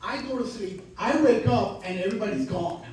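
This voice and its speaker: A man's voice: sits high, a little fast, a little mellow. A man performing stand-up comedy, telling a self-mocking story and acting out the scenes. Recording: echoey room, distant mic.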